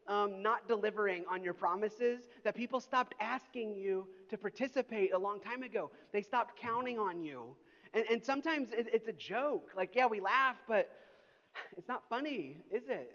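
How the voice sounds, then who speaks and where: A middle-aged man, a pastor, preaching a sermon with animated, mock-indignant storytelling. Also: high-pitched. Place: church auditorium. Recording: dull sound in a large reverberant hall.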